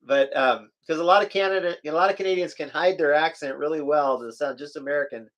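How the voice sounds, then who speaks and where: This US West Coast man's voice is a little high and a bit bright, and he talks fast. As co-host of a casual live chat, he's chatty and jokey, reading viewer comments out loud.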